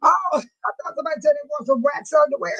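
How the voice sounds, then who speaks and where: A woman's voice: extremely high pitch, wildly swooping pitch, fast, a bit bright, muffled recording. A woman hosting a casual live audio chat, laughing hard and breathless as she reads out listeners' comments, with speech. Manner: laughing hard through her words, breathless. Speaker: live audio room host.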